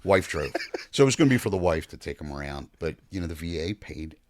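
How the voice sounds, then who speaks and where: A man hosting a casual podcast chat, telling sales stories in a relaxed way full of "you know". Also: low-pitched, fast, slight background noise. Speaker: podcast host, retired salesman.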